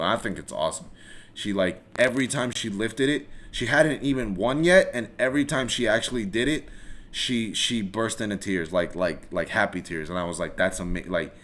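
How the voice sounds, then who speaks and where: A man hosting a solo live-streamed podcast, ranting casually with lots of swearing, restarts and rambling asides. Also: fairly low pitch. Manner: rambling, animated, swears freely, many restarts. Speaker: podcast host.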